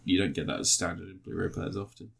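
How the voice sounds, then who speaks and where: A man's voice: low-pitched, steady tone, fast talker, vocal fry, a bit bright, husky. A man, co-hosting a casual podcast chat, laughing often and swearing freely. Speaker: podcast co-host.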